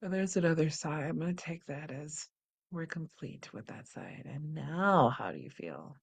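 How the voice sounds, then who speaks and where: A woman hosting a guided wellness practice, calm and unhurried, describing her body sensations as she goes. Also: low-pitched, creaky, slightly rough. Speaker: host leading a guided practice.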